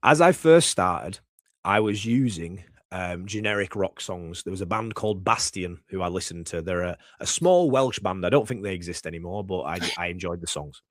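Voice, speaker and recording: A young man spinning a rambling, self-deprecating story as a guest. His pitch swings widely and with real animation, and the sound is dry and close with no room around it. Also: lively intonation, normal speed, no echo. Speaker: wrestler guest. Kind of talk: casual storytelling chat.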